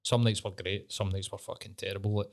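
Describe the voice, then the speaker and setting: Scottish male co-host, lower voice, laughing, sweary banter. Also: fairly even intonation, fast talker, creaky. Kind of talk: casual chat.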